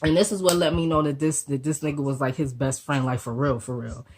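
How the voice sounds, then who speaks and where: A woman vlogger telling a storytime in a slangy, animated way, swearing freely and acting out the people in her story. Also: sits low, fairly quick, slight background noise. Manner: acts out the voices of people in the story. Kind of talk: storytime vlog.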